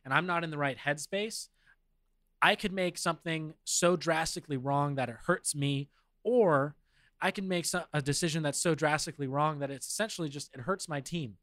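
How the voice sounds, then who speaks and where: A man with a bright, forceful voice, a little high for a man, talks through sports news on a podcast. He muses aloud and reads from notes with frequent fillers. The sound is dry and close. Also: moderate pace, dry recording. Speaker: podcast co-host. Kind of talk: casual chat reading news.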